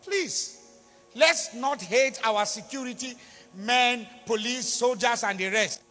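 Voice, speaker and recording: A man's voice: very high voice, slow pace, sharp tone. A man with a Nigerian accent preaching a sermon in a church, pleading and repeating for emphasis. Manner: impassioned, pleading, repetitive emphasis. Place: large church hall. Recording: reverberant church hall with music.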